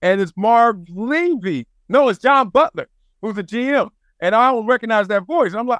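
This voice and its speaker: A man's voice: sits high, a little fast, dry recording, clean studio sound. A man in his forties with a Southern California accent, a former pro football player telling stories in a casual interview, laughing and acting out quotes. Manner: animated, laughing storyteller who acts out quotes. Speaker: podcast guest, former NFL player and sports broadcaster.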